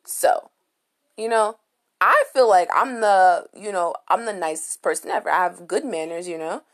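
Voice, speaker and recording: Blunt, animated young woman podcaster. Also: medium pitch, moderate pace. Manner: animated, blunt storytelling with swearing and asides. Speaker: podcast host. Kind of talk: casual solo podcast chat.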